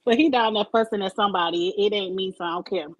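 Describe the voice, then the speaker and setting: A woman's voice: mid-range voice, fast talker, no room sound, rough recording. A woman co-hosting a casual chat show, talking in a chatty, opinionated, slangy way. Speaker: podcast co-host. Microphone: desk mic.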